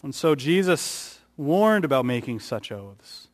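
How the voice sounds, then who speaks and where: Slow-paced and swinging widely in pitch, a man preaches a sermon, rising in pitch and volume for emphasis and acting out the quotes he reads. The recording has a long hall reverb.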